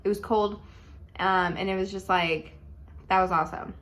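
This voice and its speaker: A woman's voice: medium pitch, moderate pace. Chatty young woman telling a dating story. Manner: chatty, animated, full of likes and ums. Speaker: vlogger. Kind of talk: casual storytelling.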